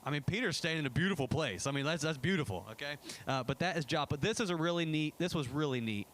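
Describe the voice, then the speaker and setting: An American pastor gives a casual, chatty and enthusiastic presentation about a trip in a church sanctuary, with many fillers and restarts. His voice is a little high and a bit bright, expressive and quick. There's a little hiss or hum in the recording.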